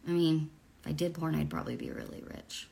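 Blunt, gravelly-voiced woman vlogger. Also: sits low, level tone, fast talker, mellow, a little hiss or hum. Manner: blunt, profane, rambling storytelling. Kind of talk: candid personal vlog.

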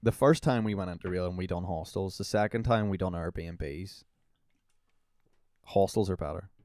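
A man's voice: deep voice, moderate pace, darkish tone, dry recording, studio quality. A young Northern Irish man chatting as a podcast guest, telling rambling anecdotes full of swearing and fillers. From Northern Ireland. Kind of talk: casual storytelling chat.

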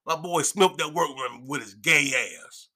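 A man's voice: on the high side, lively intonation, a little slow, pushed and bright. A man chatting casually as a podcast guest, boisterous and profane, laughing often. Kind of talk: casual chat.

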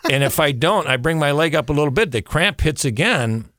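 A man's voice: fairly high pitch, lively intonation, a little fast, background noise. A man telling a long story as a guest on a radio show, repeating words and chuckling as he goes. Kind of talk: casual storytelling.

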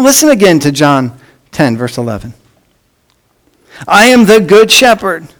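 A pastor delivering a sermon, swinging between emphatic lines and hushed ones, and reading scripture aloud with emphasis. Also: male voice, high voice.

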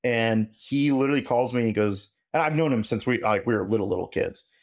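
Animated man telling shop stories. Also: medium pitch, fairly quick. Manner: animated, acts out quoted dialogue. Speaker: podcast guest, machinist. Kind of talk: casual storytelling interview.

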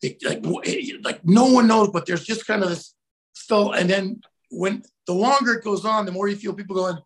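Gravelly, high-voiced man telling stories. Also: moderate pace. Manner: animated, acts out quotes with sudden shouts. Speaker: guest. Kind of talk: casual storytelling.

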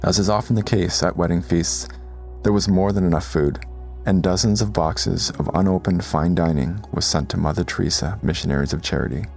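A man narrates a documentary story in a calm, measured scripted read. His voice sits very low with a gravelly edge, and faint music plays underneath.

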